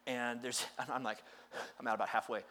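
A man's voice: medium pitch, little pitch movement, fairly quick, sharp tone. A middle-aged man preaching a sermon, telling stories with playful acted-out quotes and self-deprecating humor. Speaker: pastor.

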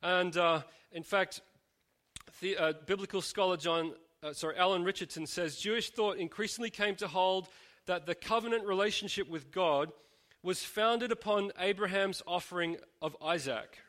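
A man's voice: high-pitched, normal speed, fairly bright tone. A man preaching a sermon, thoughtful, posing rhetorical questions and often restarting his sentences.

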